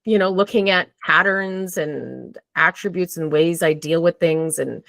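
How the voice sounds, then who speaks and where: A woman's voice: lowish voice, a little slow, gravelly, fairly bright tone, dry recording. A woman talking candidly and casually as a podcast guest, swearing freely and acting out her own thoughts. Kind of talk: casual conversation.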